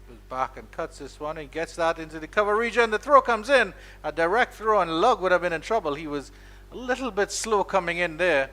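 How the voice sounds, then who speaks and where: A man with a Caribbean accent giving live, playful ball-by-ball cricket commentary, his voice climbing high when the ball runs to the boundary. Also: expressive, a little fast, a bit bright. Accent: Caribbean English. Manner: playful, rises sharply on boundaries.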